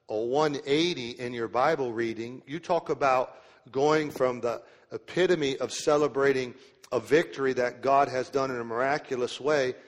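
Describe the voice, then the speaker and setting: A man preaching a sermon in a church. He reads scripture aloud slowly and then explains it in plain, casual terms. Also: medium pitch. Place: church sanctuary. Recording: long hall reverb.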